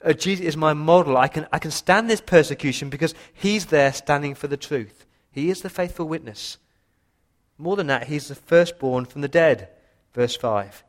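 A man preaching a sermon with passion, his voice rising for emphasis and dropping low for quiet points. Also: moderate pace. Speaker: pastor.

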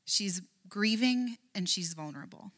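Bright-voiced woman giving an earnest Bible talk. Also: medium pitch, expressive, unhurried. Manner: earnest storytelling, soft near-whispered at moving moments. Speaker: Bible teacher.

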